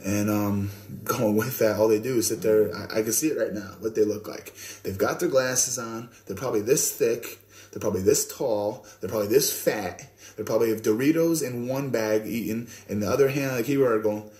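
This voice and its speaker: A man's voice: fairly low pitch, moderate pace, darkish tone, echoey room. A man hosting a radio show, talking heatedly and mockingly with profanity.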